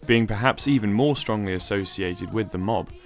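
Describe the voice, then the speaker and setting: Man, scripted essay narration, explanatory and measured, fairly low pitch.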